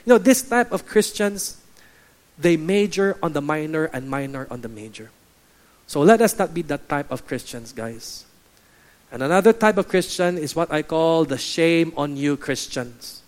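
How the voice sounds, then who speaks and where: A man preaching to his church, acting out the voices of churchgoers with lively energy. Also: a little high, normal speed. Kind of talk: sermon. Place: church hall.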